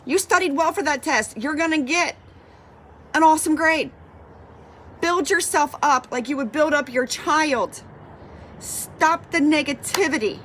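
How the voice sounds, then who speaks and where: A woman's voice: high voice, a little slow, pauses often, a bit bright, slight background noise. A woman fitness coach giving a passionate motivational talk, fired up and repeating her points for emphasis.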